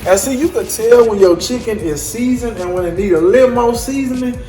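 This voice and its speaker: Chatty cook in an echoey room. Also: male voice, very high voice, brisk. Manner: chatty, apologetic, addresses viewers as y'all. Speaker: home cook vlogger. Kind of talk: casual cooking vlog. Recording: echoey room with music behind.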